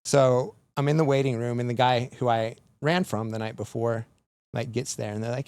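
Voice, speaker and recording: A man's voice: medium pitch, fairly even intonation, normal speed, a little mellow, clear, resonant tone, dry recording. A man on a podcast, casually telling a long story full of "like" fillers. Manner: rambling, filler-heavy retelling with lots of "like". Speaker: podcast guest.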